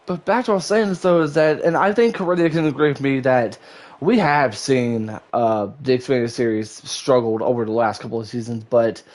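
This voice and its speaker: A male lead commentator calling a sim racing event live, at an everyday middle pitch. He rambles through long sentences and lets his voice climb sharply whenever cars touch or someone spins. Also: brisk. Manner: excitable, rambling, voice leaps up during action.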